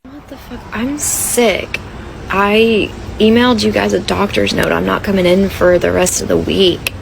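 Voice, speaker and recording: A woman's voice: medium pitch, fairly even intonation, measured pace, vocal fry, a little hiss or hum, poor audio. A woman playing an irritated, sick young employee who speaks firmly and with exasperation. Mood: exasperated. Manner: exasperated, firm.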